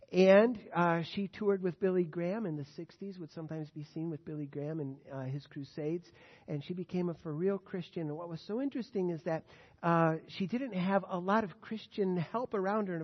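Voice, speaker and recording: A man preaching a sermon, dropping to quiet asides and rising to loud, emphatic readings of scripture. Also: high-pitched. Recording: dull sound in a reverberant hall.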